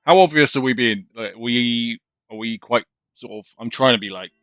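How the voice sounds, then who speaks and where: Bright-voiced man playing a game. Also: mid-range voice, no echo, soft background music. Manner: chatty, quick, joking. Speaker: player. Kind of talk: casual tabletop play.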